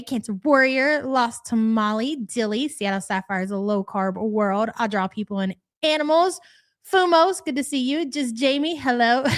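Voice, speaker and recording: A woman hosting a live stream, chatting casually and reading out viewer names. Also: a little high. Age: adult parent.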